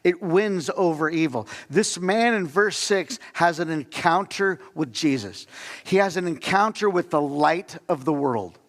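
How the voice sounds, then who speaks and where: A man's voice: on the high side, lively intonation, unhurried. A man preaching a sermon as the pastor, talking conversationally and asking the congregation questions. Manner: conversational preaching with audience questions and acted-out quotes. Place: church sanctuary. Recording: long church hall reverb.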